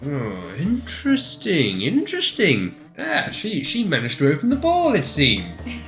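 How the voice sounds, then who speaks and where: Hopper, a fussy halfling wizard with a monocle, played by a man pushing his voice up high, ponders aloud in a lively, sing-song way. He hesitates and muses over each thought in a tabletop game voice. Music plays clearly behind him. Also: a little slow, heavily acted. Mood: curious. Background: background music.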